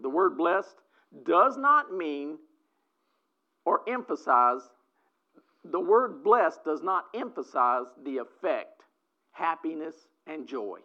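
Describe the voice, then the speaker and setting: A preacher delivering a sermon, swinging between loud exclamations and quiet asides. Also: mid-range voice. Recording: dull lo-fi recording.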